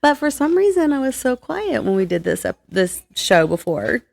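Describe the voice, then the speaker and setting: Loud, laughing woman podcast co-host. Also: high-pitched, very animated, moderate pace, creaky. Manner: loud, laughs a lot, hesitant with fillers. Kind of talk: casual chat.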